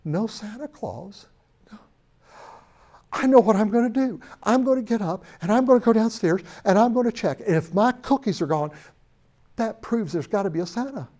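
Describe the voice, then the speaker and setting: A man's voice: high voice, very animated, moderate pace, hardly any pauses, dark tone, voice pushed up. A man voicing an earnest four-year-old boy in an eager, raised childlike voice. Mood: determined.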